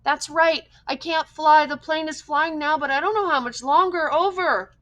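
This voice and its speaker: A woman's voice: moderate pace, a bit bright, dull audio. A woman reading an audiobook, voicing a frightened teenage boy stranded in a plane, pleading and panicked. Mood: desperate. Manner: pleading, panicked, voice rising high. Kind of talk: audiobook character voice.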